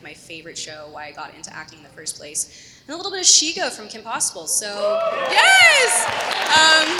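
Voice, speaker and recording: A young woman speaking on a convention panel in a bubbly, quick, upbeat way. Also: on the low side, noisy background. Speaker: panel guest. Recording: echoey convention hall.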